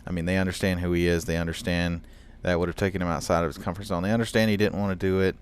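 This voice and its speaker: A man's voice: sits low, little pitch movement, racing, slight background noise. A young man talking casually over his gameplay recording, rambling with many fillers and short laughs. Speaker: gaming YouTuber.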